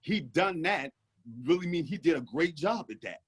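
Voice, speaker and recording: A man in a casual book discussion, speaking relaxed and a little hesitant. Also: fairly high pitch, normal speed, breathy edge. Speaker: discussion participant.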